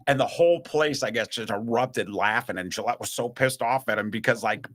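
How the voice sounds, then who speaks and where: This man's voice sits in the mid-range and moves fairly quickly with few pauses. Chatting casually on a podcast as host or guest, he tells drawn-out stories and animatedly imitates the people in them.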